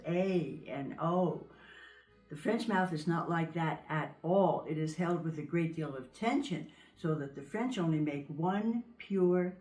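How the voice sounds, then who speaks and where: A woman teaching French pronunciation in a video lesson, slowing down to model each vowel sound carefully. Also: on the low side, echoey room, poor audio.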